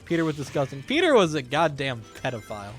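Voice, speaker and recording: A male game streamer talking into a desk mic at home, a touch higher-pitched than most men. He rambles casually and profanely with a wry, jumpy edge, while faint game music plays underneath. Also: very animated, fast talker, a bit bright. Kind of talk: casual live-stream commentary while gaming.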